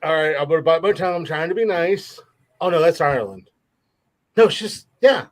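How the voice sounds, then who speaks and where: A man's voice: a little high, animated, brisk. A man hosting a comedy podcast, ribbing and egging on a rowdy guest. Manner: teasing, hyping up the guest. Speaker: podcast host.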